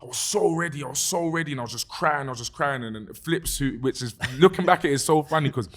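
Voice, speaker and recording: A young man with a London accent tells his story in a loose, animated podcast chat. He swears freely and keeps dropping "bruv" as he goes. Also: medium pitch, quick pace. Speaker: guest musician.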